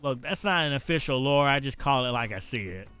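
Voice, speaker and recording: Smooth-voiced male game streamer. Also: mid-range voice, animated, a little fast, bright, forceful tone, soft background music. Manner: playful, joking asides. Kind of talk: let's-play reading game text aloud with jokes.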